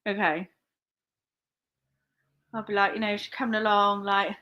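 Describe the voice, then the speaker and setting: A woman's voice: medium pitch, fairly even intonation, slow, pauses often, sharp tone. A young woman chatting casually on a live stream. She rambles, laughs often and swears freely. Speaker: online reseller live-streaming.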